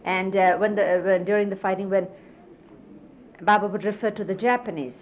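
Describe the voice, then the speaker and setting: A middle-aged woman casually reminiscing, explaining hand gestures in an unhurried, conversational way and often quoting others. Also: medium pitch, fairly even intonation. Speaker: interviewee recalling life with a spiritual teacher. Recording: lo-fi 1970s videotape, faint hiss.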